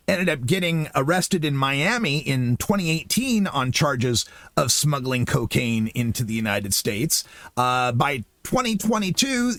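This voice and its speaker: A man's voice: fairly high pitch, no room sound. A man hosting a political commentary show, ranting with sarcasm and disbelief. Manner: sarcastic, incredulous, animated ranting.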